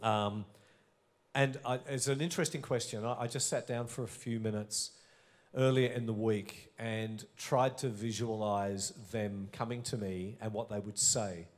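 An Australian man in middle age speaks in a somewhat low voice. He is a pastor looking back earnestly, his stories reflective and unhurried in manner. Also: steady tone. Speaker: senior pastor. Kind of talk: reminiscing in an onstage interview.

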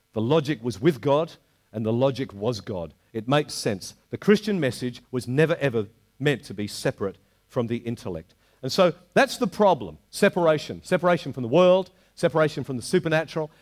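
An older man preaches a sermon before a live congregation in a church hall, speaking with animation at a medium pitch. He slows down to stress the verses he quotes.

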